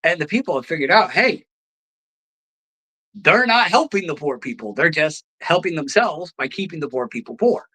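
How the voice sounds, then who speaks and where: A host tears into politics in a bright, cutting voice, swearing freely and throwing out sarcastic rhetorical questions. The delivery is a heated, one-sided rant. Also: medium pitch, very animated, normal speed, rough recording. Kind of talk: ranting political commentary.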